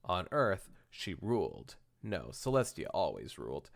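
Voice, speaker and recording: Man, podcast host, reading fan fiction aloud, joking asides, stumbles over words, low voice, lively pitch. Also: measured pace, creaky. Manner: joking, stumbles and corrects himself while reading.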